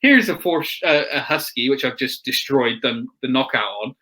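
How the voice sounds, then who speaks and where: A young guest who rides motocross chats easily, laughing often and acting out quotes as he tells his stories. His mid-range voice is bright and forceful at a normal pace, on a low-quality recording.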